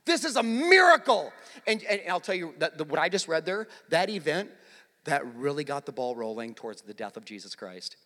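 A man preaching a sermon in a bright, high voice that rings out with long reverb across a large hall. He swings from hushed, near-whispered lines to shouted peaks. He drives his points home by repeating them. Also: fairly quick. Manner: repeats phrases for emphasis. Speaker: pastor.

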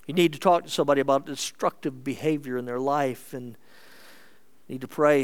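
A man preaching a sermon as pastor, earnest and measured, moving between emphatic lines and hushed ones. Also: medium pitch, fairly even intonation.

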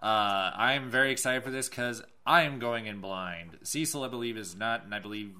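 A man hosting a casual podcast, loose and relaxed, with the odd swear. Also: mid-range voice, normal speed, smooth. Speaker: podcast host.

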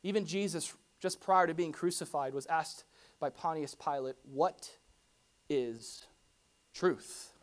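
A pastor giving a conversational sermon to a congregation, animated and full of rhetorical questions and casual asides. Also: mid-range voice, normal speed. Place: church hall before a congregation.

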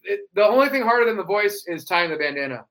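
A young man telling stories in a casual chat, animated and quick to slip into wrestler impressions. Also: sits high. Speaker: cosplayer guest.

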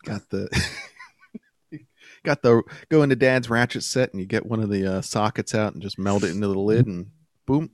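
A man's voice: on the low side, moderate pace, long pauses, no echo. A man co-hosting a podcast, chatting casually and reading online posts aloud with a laid-back, chuckling manner. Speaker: podcast co-host.

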